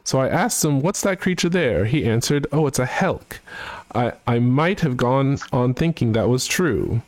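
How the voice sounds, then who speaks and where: A man's voice: mid-range voice, animated, unhurried, a little mellow, no room sound, pitched above the performer's own voice, close to an everyday voice. A man putting on a posh British accent to voice a snooty singer of a comic song, sing-song and stumbling over the wordplay. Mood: jaunty. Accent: put-on upper-class British.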